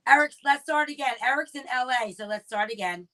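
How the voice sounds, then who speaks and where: A woman co-hosting a podcast, chatty and casual, giving friends shout-outs. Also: sits high, brisk, a loud crowd. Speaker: podcast co-host.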